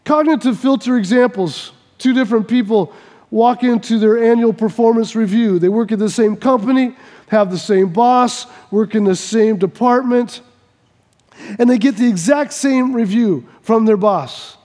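A man's voice: very high-pitched, moderate pace, darkish tone, big-room sound. A man preaching a sermon as pastor in a conversational, humorous way, often stammering and restarting.

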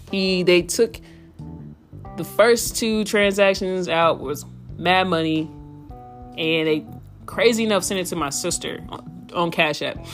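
A young woman hosting a podcast, telling stories in an animated, slangy, profane way. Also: lowish voice. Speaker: podcast host. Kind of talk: casual storytelling. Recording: faint guitar music behind.

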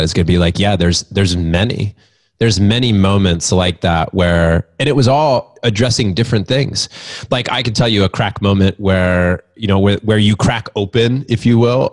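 A man speaking as a podcast guest, reflecting on marriage and fatherhood in a loose, rambling way. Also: lowish voice. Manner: reflective, rambling, lots of fillers. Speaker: podcast guest, men's community leader. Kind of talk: casual conversation.

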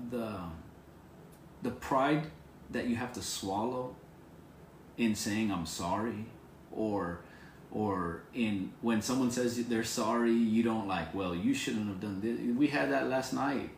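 A man's voice: medium pitch, takes it slowly, roomy sound, a little hiss or hum. A man preaching an informal devotional sermon to viewers on camera, earnest and encouraging, repeating his phrases. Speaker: pastor.

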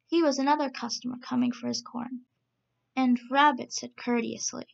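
Gravelly woman reading a storybook. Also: high voice, steady tone, moderate pace, dull audio. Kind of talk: reading a children's story aloud.

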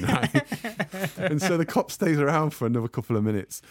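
A man, a podcast guest telling a lively anecdote and acting out the people in it. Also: fairly high pitch, moderate pace, few pauses, dry recording, studio quality. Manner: animated anecdote teller, acts out quotes. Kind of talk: casual storytelling chat. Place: bar set for a podcast.

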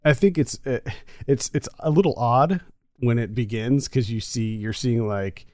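A man co-hosting a casual movie review chat, talkative and quick to laugh. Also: mid-range voice, darkish tone, dry recording, studio quality. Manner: chatty, laughs easily. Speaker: podcast co-host.

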